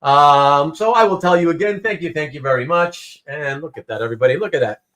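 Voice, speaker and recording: A man's voice: fairly high pitch, fairly quick. A man hosting a casual live stream from home, chatting with viewers and telling a story that he acts out. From Canada. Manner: animated storytelling, acts out quotes. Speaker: host.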